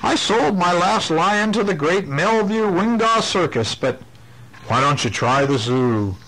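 A man's voice: high voice, expressive, a little slow, a bit bright, voice pushed up, full character voice, poor audio. A father voicing a fussy old pet shop owner in a storybook, in a raised, apologetic voice.

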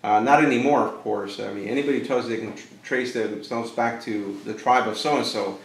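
A man at medium pitch leads a casual Bible study, speaking loosely and acting out quotes with sudden leaps in voice. His talk rings through a roomy church with clear echo. He sounds like a pastor teaching his class. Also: fairly quick. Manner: animated, acts out quotes with sudden jumps in voice. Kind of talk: conversational Bible lesson.

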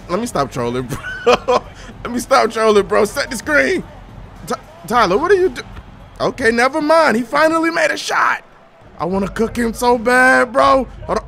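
A young man giving loud, excitable gameplay commentary, trash-talking and shouting at the game, his voice wearing out. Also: extremely high pitch, creaky. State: losing his voice. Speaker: gaming YouTuber.

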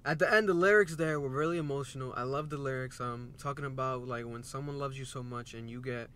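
A man co-hosting a music reaction video, casual and joking with a playful, excitable manner. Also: mid-range voice, fast, a little hiss or hum. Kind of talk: casual chat.

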